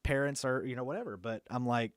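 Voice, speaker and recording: A man's voice: mid-range voice, fast, no room sound. A man co-hosting a live stream, talking casually and emphatically with lots of "you know". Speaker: co-host. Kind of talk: casual chat.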